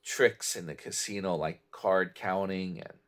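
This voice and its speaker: A man's voice: low-pitched, measured pace, a bit bright. A man from New York chatting casually in a meandering morning vlog, trailing off and restarting. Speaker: vlogger. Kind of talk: casual rambling morning chat.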